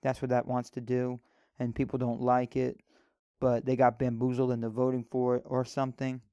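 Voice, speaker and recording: A man's voice: mid-range voice, completely flat delivery, normal speed, warm tone, clean tone, no room sound, clean studio sound. An American man hosting a podcast alone, rambling sarcastically and swearing casually. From United States. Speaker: podcast host. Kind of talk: solo casual podcast monologue.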